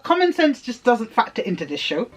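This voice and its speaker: A woman's voice: fairly high pitch, brisk, soft background music. Sweary woman ranting a TV recap. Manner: animated, sweary, laughing, slips into character voices. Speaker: YouTube reviewer.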